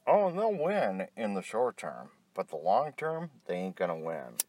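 Middle-aged man, deep and animated, ranting with heavy swearing; worn-out edge. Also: moderate pace, no echo. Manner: angry, blunt, heavy swearing. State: tired. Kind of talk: profane rant to camera.

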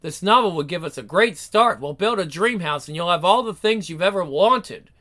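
A man's voice: sits high, lively intonation, moderate pace, pushed and bright. A man voicing an eager young novelist who speaks earnestly and with enthusiasm.

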